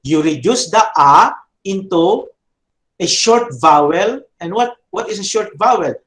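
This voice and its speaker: A middle-aged man, giving a lesson slowly, with frequent fillers and repeated drills. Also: high voice, expressive, a bit bright. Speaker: teacher. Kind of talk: classroom lecture. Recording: echoey room.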